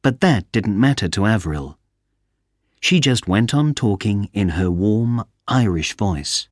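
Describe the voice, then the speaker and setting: Rich: A man reads a simple story aloud for English learners, slow and careful. His low voice moves in lively rises and falls, recorded close and dry. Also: dry recording.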